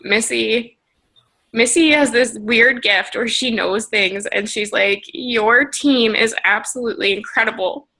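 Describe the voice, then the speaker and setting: A woman's voice: on the high side, unhurried, bright, forceful tone, low-quality recording. A woman leading a team video call, giving an emotional motivational pep talk in a shaky, tearful, gushing way.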